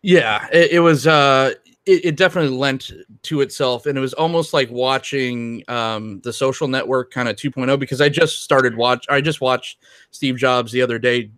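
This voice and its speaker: This man, co-hosting a podcast, talks loosely about films, often restarting and saying um. His voice is mid-range and fairly bright, moving at a moderate pace, with no room sound.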